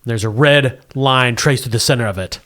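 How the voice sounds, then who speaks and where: Bright-voiced male game master. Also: medium pitch, normal speed. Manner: deadpan scene-setting with frequent laughter. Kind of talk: narrating a comedic tabletop game.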